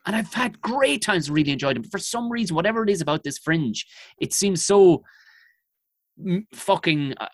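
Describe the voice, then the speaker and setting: A man's voice: sits high, animated, moderate pace, dry recording. A young man, telling comic stories in a profane, self-mocking way on a podcast. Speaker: comedian guest. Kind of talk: storytelling podcast chat.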